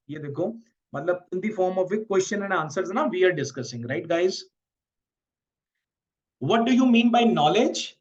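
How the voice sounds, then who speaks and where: Casting note: high-voiced Indian man, exam-prep teacher, code-switching, asks "okay?" a lot, muffled lo-fi sound. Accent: Indian English. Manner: mixes Hindi and English, checks in with "okay?" and "right?". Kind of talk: exam preparation lecture.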